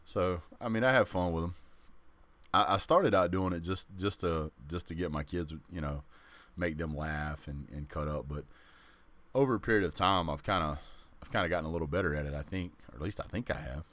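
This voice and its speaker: A man's voice: sits low, fairly quick, fairly bright tone. A man hosting a live sports stream, chatting casually and rambling in a laid-back way. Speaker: host of a sports channel.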